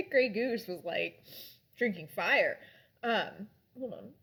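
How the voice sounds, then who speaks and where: A woman's voice: medium pitch, expressive, slow pace, sharp tone, breathy edge. A young adult woman in casual chat, reviewing drinks and books in a rambling way with lots of fillers.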